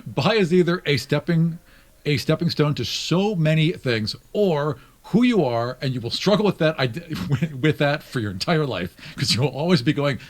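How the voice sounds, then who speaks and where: Animated man chatting on a live stream. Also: fairly high pitch, normal speed. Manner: animated, laughs often, does silly voices. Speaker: podcast co-host. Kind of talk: casual chat on a live stream.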